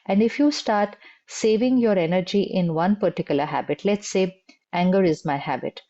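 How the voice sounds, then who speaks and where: A woman spiritual teacher, giving a calm, measured motivational talk and repeating key phrases for emphasis. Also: mid-range voice, muffled recording.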